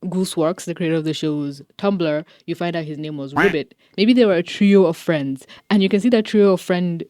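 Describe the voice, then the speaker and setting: A young woman giving a casual, animated commentary review, laughing often and dropping slangy, swearing asides. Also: fairly low pitch, moderate pace, no room sound, studio quality. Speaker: show reviewer.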